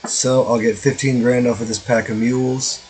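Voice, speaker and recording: Brief: male let's-play streamer, mid-pitched, rambling and profane, light hiss behind him. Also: little pitch movement, normal speed, darkish tone, poor audio. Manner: rambling, profane, joking asides. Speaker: streamer playing a strategy game. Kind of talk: casual let's-play commentary.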